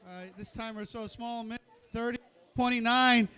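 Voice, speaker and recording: Against a noisy background, a man with a very high voice talks a little fast in a steady tone. He hosts a live cooking competition indoors, emceeing play-by-play with jokes, chatty countdown calls, and cheers for the crowd.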